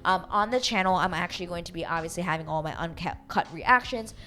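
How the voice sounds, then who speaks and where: Chatty woman vlogger, lowish voice. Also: quick pace. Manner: animated, acts out quotes, swears freely. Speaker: reality TV recap vlogger. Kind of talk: casual chatty recap.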